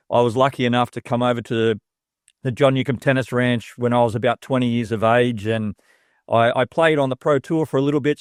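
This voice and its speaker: A man's voice: medium pitch, no echo, studio quality. A man with an Australian accent, a tennis coach chatting as an interview guest, upbeat and full of casual slang.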